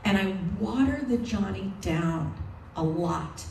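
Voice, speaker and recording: A woman telling a personal story live on stage, in a slow, deliberate, emotional way. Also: medium pitch, expressive, a little mellow. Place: live event venue. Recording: roomy live venue from a distance. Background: audience noise.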